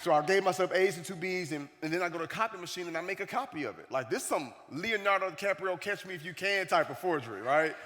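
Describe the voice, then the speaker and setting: A man giving a keynote speech, telling a story in an animated way and acting out the voices of the people in it. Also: sits high, fast talker, hardly any pauses. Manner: animated, acts out the voices of the people in his stories. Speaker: keynote speaker. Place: conference hall stage. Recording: long reverb of a large hall.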